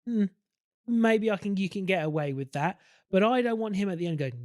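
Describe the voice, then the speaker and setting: A man's voice: high voice, expressive, moderate pace, darkish tone, dry recording, clean studio sound. A man co-hosting a podcast, chatting casually and opinionatedly about films, swearing freely. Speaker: podcast co-host. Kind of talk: casual film discussion.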